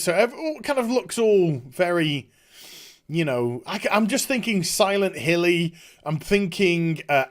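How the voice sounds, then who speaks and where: Sarcastic man with lively pitch. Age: middle-aged. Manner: sarcastic, mocking, chuckling asides. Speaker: YouTube commentator. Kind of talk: casual trailer reaction commentary.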